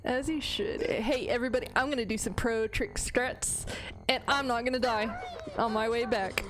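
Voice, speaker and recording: A woman's voice: fairly high pitch, fairly even intonation, normal speed, fairly bright tone, slight background noise. A woman streaming a game, chatting casually and playfully teasing, laughing often, with game music behind her. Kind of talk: casual live-stream chat.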